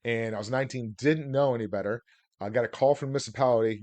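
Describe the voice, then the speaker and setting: A man's voice: medium pitch, fast, darkish tone, no echo. A man teaching real estate deals on a video call, rambling through stories with plenty of filler words. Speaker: real estate investor teaching seller financing. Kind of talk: casual webinar talk.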